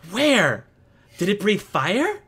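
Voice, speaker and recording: Eager little boy for a tabletop game, high and breathless, put on by a man. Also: huge pitch swings, takes it slowly, a bit bright, slightly rough, full character voice. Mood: excited. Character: excitable little boy, about five, eager.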